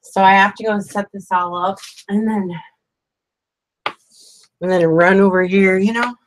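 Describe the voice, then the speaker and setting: A woman's voice: mid-range voice, fairly even intonation, unhurried, no room sound. A middle-aged woman chatting casually and sleepily on a live stream, rambling and asking "you know what I mean" often. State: sleepy, yawning. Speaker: crafting channel host.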